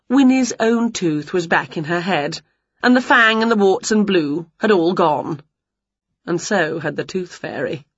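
A woman reading a children's picture book aloud, expressive and playful, acting out the sounds. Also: on the low side, moderate pace, breathy edge, no echo, highs cut off. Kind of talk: storybook read-aloud.

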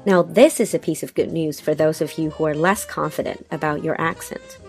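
A woman with a somewhat low voice hosts and recaps points for her listeners, with faint music playing softly behind her. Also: brisk. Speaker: host. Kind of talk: bilingual radio talk.

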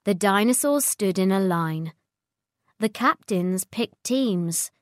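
Woman reading a storybook, slow and lively. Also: mid-range voice, no room sound, clean studio sound.

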